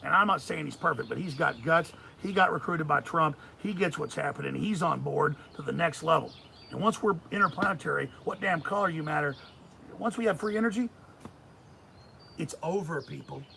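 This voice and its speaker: Middle-aged guy ranting on a live stream, raspy gravelly voice, faint hiss behind. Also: a little high, fairly quick. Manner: loud, ranting, swings between shouting and muttering. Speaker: host. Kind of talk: heated live-stream rant.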